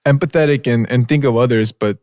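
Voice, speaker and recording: A man's voice: mid-range voice, fast, darkish tone, no room sound, clean studio sound. A young man co-hosting a podcast, telling a story in casual slangy chat with lots of filler words and "bro". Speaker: podcast co-host.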